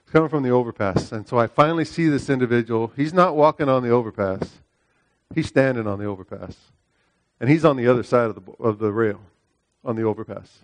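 A man's voice: a little fast, no room sound. Emphatic preacher man, dry close sound. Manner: emphatic, repeats phrases, asks "right?" often; swings from loud high preaching to quiet storytelling. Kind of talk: sermon with personal storytelling.

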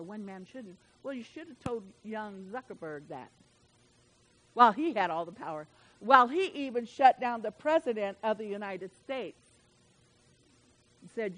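A woman preaching a sermon in a folksy, emphatic way, swinging from loud declarations to soft asides. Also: medium pitch, low-quality recording.

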